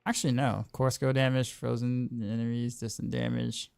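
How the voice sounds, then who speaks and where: A man streaming a game chats through his choices, repeating words and trailing off easily. His mid-pitched voice has a heavy gravel to it, recorded dry and close. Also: level tone, normal speed, a little mellow, no echo. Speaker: game streamer and music teacher. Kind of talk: casual gameplay commentary.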